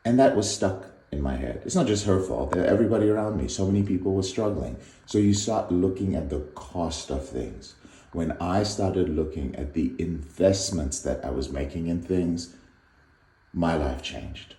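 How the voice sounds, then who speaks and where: Deep-voiced man giving a motivational talk. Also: normal speed. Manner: earnest, animated, storytelling. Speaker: recovery coach. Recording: echoey room.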